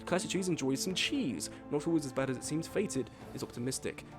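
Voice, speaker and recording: Excitable, foul-mouthed male streamer. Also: fairly high pitch, brisk, music in the background. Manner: excitable, swears freely, jokes with chat. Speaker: streamer host. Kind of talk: casual live-stream commentary.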